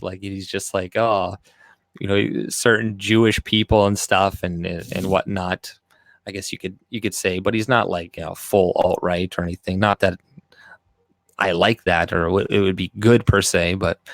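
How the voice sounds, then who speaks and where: A man with a fairly low voice hosts a casual livestream, rambling from one thought to the next with plenty of profanity. His voice sounds dry and close, with no room echo. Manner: rambling, profane, with frequent restarts. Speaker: livestream host.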